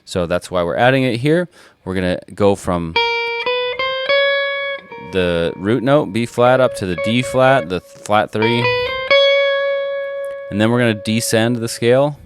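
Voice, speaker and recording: Low-voiced man teaching guitar over loud playing. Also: unhurried, long pauses. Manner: patient, counts rhythms aloud while playing. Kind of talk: instructional guitar lesson.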